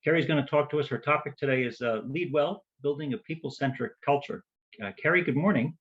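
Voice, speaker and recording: A man hosting a conference and introducing the next speaker, halting with many fillers. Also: on the high side, fairly bright tone. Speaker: conference host. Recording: dull lo-fi audio.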